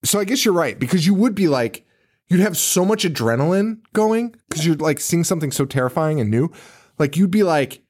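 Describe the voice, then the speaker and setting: A man's voice: on the high side, lively intonation, fairly quick, darkish tone. A man co-hosting a podcast, chatting casually and retelling scenes with acted-out quotes and lots of profanity. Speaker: podcast co-host. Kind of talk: casual chat.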